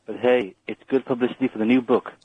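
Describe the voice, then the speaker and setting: A man's voice: mid-range voice, fairly even intonation, quick pace, darkish tone, husky, dry recording. A man from Wales, calling a radio show and bantering cheekily. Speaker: caller. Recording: thin telephone line.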